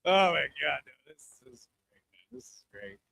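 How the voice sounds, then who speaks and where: A man in his thirties doing a live stand-up comedy set, brash and loud, working the crowd and breaking into shouts. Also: a little high, moderate pace, creaky. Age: 30s. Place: comedy club stage.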